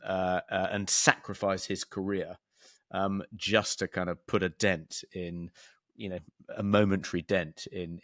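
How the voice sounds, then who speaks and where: A man's voice: low-pitched, fairly bright tone, dry recording, studio quality. A man co-hosting a podcast, talking through politics in a hesitant way with many ums and restarts. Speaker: podcast co-host. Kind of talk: casual political discussion.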